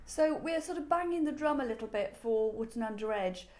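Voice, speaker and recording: A woman who owns a shop, chatting expressively and often pausing on "um". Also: fairly high pitch, lively intonation, darkish tone, low-quality recording. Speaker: furniture shop owner and host. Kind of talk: casual chat. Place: in her shop.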